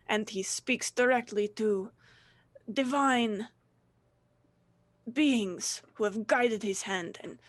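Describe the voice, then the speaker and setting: A furious captured dwarf man, voiced by a woman running the game, shouts threats and boasts with a raised, high-pitched voice. He sounds zealous and spiteful. The tone is a tabletop game character's. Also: no echo, close to an everyday voice.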